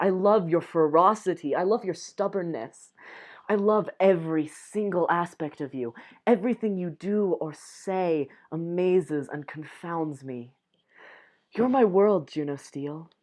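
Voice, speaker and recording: Young woman softly reading a dating sim. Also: on the low side. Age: young adult. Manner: reads lines softly, breaks off with giggly asides. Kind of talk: reading game text aloud with reactions.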